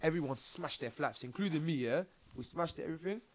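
A man, a podcast guest telling his stories in casual street slang, often tagging lines with "bro" and "yeah" and getting animated. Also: a little high, a little fast, dry recording. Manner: animated, rising when excited. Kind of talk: casual interview storytelling.

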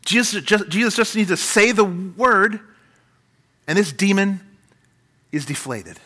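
A man preaching a sermon in an animated way, with dramatic swings in pitch and loudness. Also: measured pace. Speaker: pastor.

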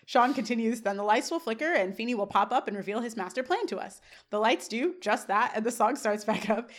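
A woman's voice: fairly high pitch, fairly quick, hardly any pauses. A woman co-hosting a podcast, recapping a sitcom episode scene by scene and laughing often. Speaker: podcast co-host. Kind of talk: casual recap chat.

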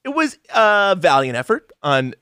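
A man's voice: sits high, big pitch swings, measured pace, pushed and bright, smooth, no room sound, clean studio sound. A man co-hosting a casual movie review chat, running through cast lists and joking around. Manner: reads cast lists, sings and does silly voices. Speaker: podcast co-host.

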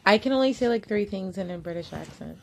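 An American woman co-hosting a podcast, chatting in a relaxed way with lots of "like.". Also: medium pitch, quick pace, gravelly. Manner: relaxed and chatty, with many "like" fillers. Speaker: podcast co-host. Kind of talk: casual chat.

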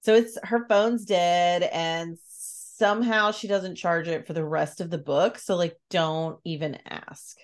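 A woman telling a story in a relaxed, unhurried way on a casual podcast. She slips into the characters' lines as she recaps the plot, animated and quick to laugh. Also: on the low side. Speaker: podcast co-host recapping a book. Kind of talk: casual chat.

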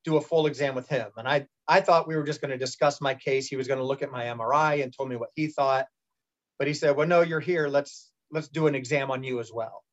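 A middle-aged man recounts a personal story in relaxed interview talk, rambling a little and restarting his sentences as he acts out what others said. His voice sits a touch high, and the recording is muffled and lo-fi. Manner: candid, rambling with restarts and quoted dialogue. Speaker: guest telling his cancer story. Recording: muffled lo-fi sound.

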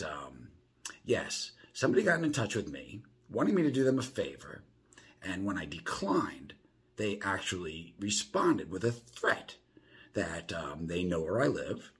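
A lively, rambling man, swearing through a casual monologue from his home. His voice is low and very husky, and his pitch swings widely from line to line. He restarts his sentences constantly. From South Florida. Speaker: podcast host.

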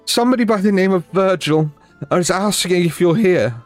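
A man doing a high-strung guardian of a lodging house, the voice climbing well above a man's usual register as it frets and pleads. The delivery is dry and close, with nothing of the room around it, and it stays anxious and insistent throughout. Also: moderate pace, no room sound, soft background music, close to an everyday voice. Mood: panicked.

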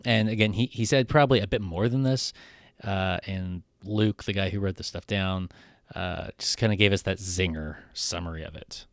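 A man's voice: sits low, normal speed, no room sound, studio quality. A man preaching a conversational sermon in a casual, irreverent way. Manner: casual, irreverent, with frequent fillers and restarts. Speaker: pastor.

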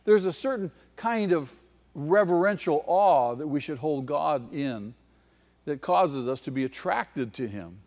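A man preaching a sermon with passion, his voice swelling to near-shouts at its peaks. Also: a little high, lively intonation, a little slow. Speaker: pastor. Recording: long hall reverb.

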